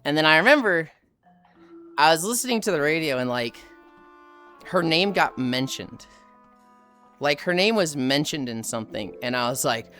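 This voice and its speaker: A woman streaming live on the move, chatting to her viewers in a loose, animated way. Her voice sits low for a woman yet comes out bright and forceful, and she swears freely. Faint music plays behind her. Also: moderate pace, long pauses. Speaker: livestreamer. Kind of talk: casual storytelling to chat. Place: outdoors while walking.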